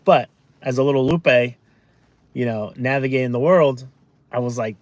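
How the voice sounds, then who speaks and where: A man's voice: medium pitch, normal speed, long pauses, dry recording. A man in his forties chatting casually on a live stream from his car, rambling through stories with lots of fillers and restarts and reading out viewer comments, recorded on a phone. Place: in a car, driving around town. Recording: car and street noise behind.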